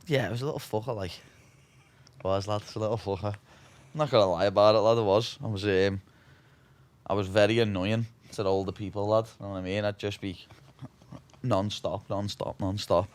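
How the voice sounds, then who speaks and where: A man's voice: lowish voice, steady tone, moderate pace. A man in his twenties from Liverpool with a Scouse accent, telling stories in a casual interview, swearing freely and saying "lad" constantly. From Liverpool, England. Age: 20s. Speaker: guest, fighter.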